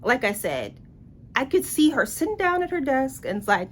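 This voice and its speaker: A woman's voice: high-pitched, big pitch swings, moderate pace, a little hiss or hum. Blunt, sarcastic woman reviewing a book.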